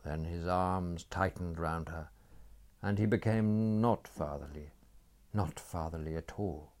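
A man narrating a story in a dry, measured storytelling manner. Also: low-pitched, a little mellow.

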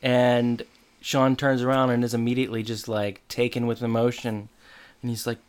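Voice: mid-range voice, little pitch movement, moderate pace, clear, resonant tone. A podcast co-host in casual chat, retelling a TV episode with lots of "like" and quoted lines. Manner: chatty, filler-heavy retelling with quoted lines.

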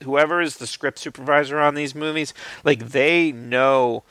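A man's voice: medium pitch, steady tone, moderate pace, fairly bright tone, smooth, no echo. A man in casual talk about films, rambling with many fillers and restarts, swearing now and then. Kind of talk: casual film discussion.

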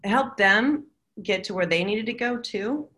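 A woman speaking as a psychic medium, chatty and excitable, relaying what she senses. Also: medium pitch, moderate pace, a little hiss or hum. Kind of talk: casual chat.

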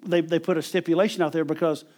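Middle-aged male preacher, conversational sermon delivery, a little high-pitched, chuckles between points. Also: flat delivery, fast talker, darkish tone. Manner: conversational, repeats and restarts words, chuckles often.

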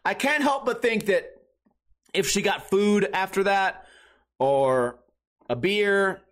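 A young adult man hosting a podcast, telling a comic story in a profane, ranting way with quick bursts. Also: sits high, expressive, a bit bright. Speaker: podcast host. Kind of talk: comedic storytelling rant.

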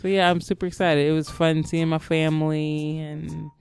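A woman's voice: low-pitched, little pitch movement, moderate pace, a little mellow, clear, resonant tone, faint music behind. A woman co-hosting a casual family podcast, talking in a playful, teasing way. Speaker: podcast co-host. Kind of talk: casual chat.

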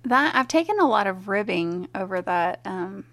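A woman's voice: mid-range voice, expressive, normal speed, fairly bright tone. A woman, a mom, co-hosting a podcast in casual chat, telling stories with a giggle. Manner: chatty, giggly storyteller. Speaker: podcast co-host and blogger.

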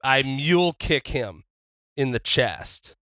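A man playing a tabletop wrestling role-playing game, animated and often laughing. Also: medium pitch, slow pace, dry recording, clean studio sound. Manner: animated, laughing, shouts in character. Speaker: player.

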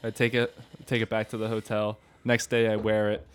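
A man's voice: lowish voice, monotone, fairly quick, smooth. A man chatting casually on a podcast in a laid-back way, chiming in with jokes and punchlines. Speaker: podcast co-host. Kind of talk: casual chat.

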